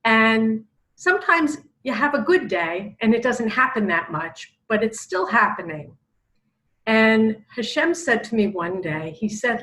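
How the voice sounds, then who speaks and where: A woman, a spiritual teacher, giving a casual spiritual talk with animated, expressive storytelling. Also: a little high, a little slow, low-quality recording.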